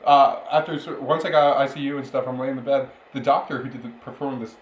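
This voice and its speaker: This podcast co-host is a young man whose mid-range voice moves at a quick pace with fairly even intonation. He tells a rambling, casual story and laughs frequently along the way. The sound is lo-fi, with roomy echo and faint noise behind him.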